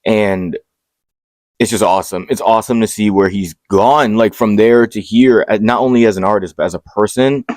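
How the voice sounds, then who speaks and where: A young man hosting a casual album countdown, excitable, swearing freely and dropping joking asides. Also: fairly low pitch, moderate pace, no echo. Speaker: music video host.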